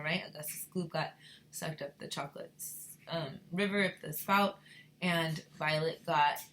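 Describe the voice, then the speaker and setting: A woman teacher reads a chapter book aloud to her young class, lively and expressive. Her voice sits a bit low. She stops now and then to talk with the children.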